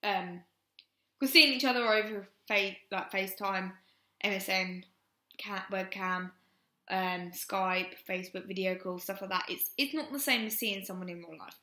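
A woman's voice: medium pitch, normal speed, pushed and bright. A young woman, frankly telling a personal story on her vlog and rambling with many "um"s. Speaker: vlogger. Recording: roomy echo.

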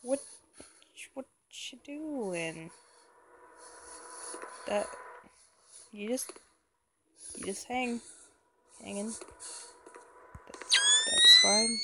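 A woman's voice: a little high, wildly swooping pitch, very slow, long pauses, noisy background. A woman playing a horror game and commenting along, chatty and jokey, talking back to the characters on screen. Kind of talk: let's-play commentary.

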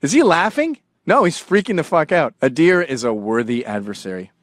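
A man in his forties hosting a show, telling profane comedic stories and jumping between low mumbling asides and sudden loud outbursts. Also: big pitch swings, a little fast, dry recording. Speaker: show host.

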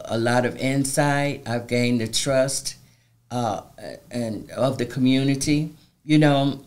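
A middle-aged woman speaking as an interview guest, emphatic and heartfelt with a preacherly cadence. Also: a bass voice. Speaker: community advocate guest. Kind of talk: interview conversation.

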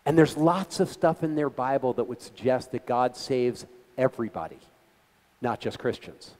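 A man's voice: medium pitch, normal speed. Middle-aged guy telling stories to a gathering, keeps restarting, echoey hall sound. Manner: animated storytelling with quoted voices and restarts. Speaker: guest speaker. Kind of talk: conversational talk to a gathering. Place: meeting hall.

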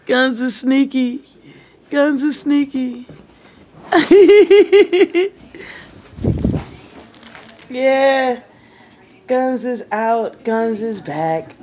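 A woman's voice: fairly high pitch, slight background noise. A woman filming her dogs at play, chatting casually, laughing, and cooing at them. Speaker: dog owner filming her pets. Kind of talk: casual home video commentary.

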